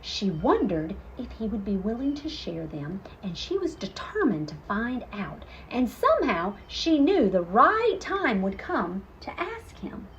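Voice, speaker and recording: A woman teacher reading a children's picture book aloud, expressive and chatty with asides to young listeners. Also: on the high side, measured pace, few pauses, muffled recording, a little hiss or hum. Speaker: storytelling teacher.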